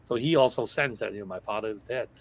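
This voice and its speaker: A man's voice: mid-range voice, fast talker. Chatty male guest reviewer. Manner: chatty, agrees constantly with yeahs. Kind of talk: casual live movie review chat.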